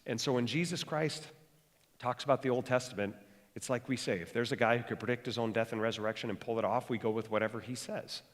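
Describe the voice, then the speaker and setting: A male pastor preaching a sermon, talking fast and jokey, with animated bursts of energy. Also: mid-range voice. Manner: joking, conversational. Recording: long hall reverb.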